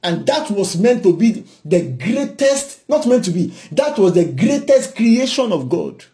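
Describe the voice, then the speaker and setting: A man with a Nigerian accent preaching a sermon, exhorting and shifting between loud and hushed. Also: high-pitched, big pitch swings, unhurried.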